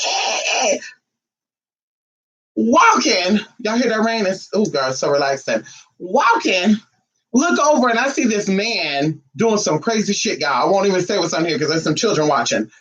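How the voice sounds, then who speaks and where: A sassy vlogger chats loosely with viewers, cursing freely and flying up into shrill high bursts. The voice sits at a middling pitch and sounds set back from the mic. The recording is dull and lo-fi. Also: fairly bright tone, slightly rough, recorded from a distance. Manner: sassy, brash and profane, with sudden high outbursts. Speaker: spiritual vlogger. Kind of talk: casual chat to viewers.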